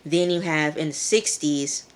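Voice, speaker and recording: A woman's voice: deep voice, unhurried. A woman reviewing a TV episode in a casual vlog, chatty and loose, acting out characters' lines in a raised voice.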